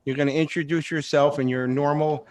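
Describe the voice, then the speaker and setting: Eager radio host, dry close sound. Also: male voice, a little high, fairly even intonation, brisk, a little mellow, no room sound. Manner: eager, fan-like and polite. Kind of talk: radio interview.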